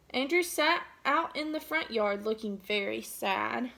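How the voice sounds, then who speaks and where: A woman teacher reading a picture book aloud to children, pausing to ask gentle questions. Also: fairly high pitch, lively intonation, gravelly.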